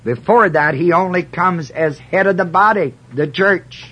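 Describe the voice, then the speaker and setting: Slow, husky-voiced man teaching scripture. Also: sits high, bright, forceful tone, rough recording. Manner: slow and deliberate, emphatic on key words; reads scripture aloud in a measured cadence. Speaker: Bible teacher. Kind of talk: verse-by-verse Bible teaching.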